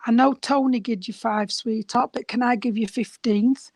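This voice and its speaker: A woman medium, her voice somewhat high and growing hoarse as she talks. She speaks warmly and familiarly, calling her listener sweetheart and darling. The sound is dry and close, with no room around it. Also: steady tone, normal speed, no room sound. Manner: affectionate, addresses sitter as sweetheart and darling. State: voice going hoarse. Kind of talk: mediumship reading.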